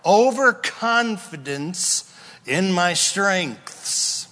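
High lively preacher guy, bright voice, big hall echo, playful, acts out little voices. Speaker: pastor. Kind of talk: sermon. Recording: long hall reverb.

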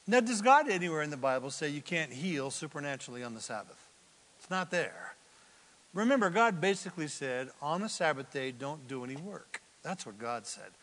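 High-voiced, bright, dramatic preacher in a reverberant hall. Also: male voice. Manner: dramatic, swings from hushed asides to loud emphatic preaching. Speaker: pastor. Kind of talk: sermon. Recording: long reverb of a large hall.

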